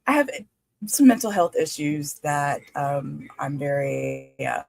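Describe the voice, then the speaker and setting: A woman, hosting a livestream in a chatty, halting, excitable way. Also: low voice, gravelly, no echo, faint music behind, poor audio. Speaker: livestream host. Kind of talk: casual livestream chat.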